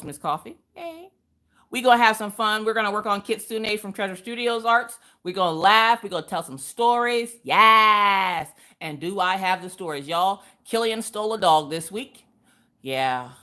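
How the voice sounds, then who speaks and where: A woman's voice: mid-range voice, sharp tone. A woman, hosting a casual live craft stream, greeting viewers by name and laughing often.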